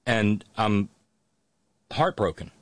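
A middle-aged man hosting a live show, talking haltingly with many restarts in a calm, consoling way. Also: on the low side, dry recording. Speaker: host. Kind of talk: emotional live show talk.

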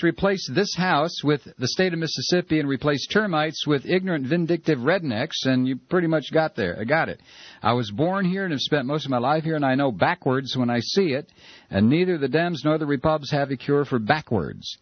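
A man hosting a talk radio show, reading listener emails in a casual, halting way with many fillers. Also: a little high, animated, husky, no echo, highs cut off. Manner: hesitant, many uh fillers and restarts.

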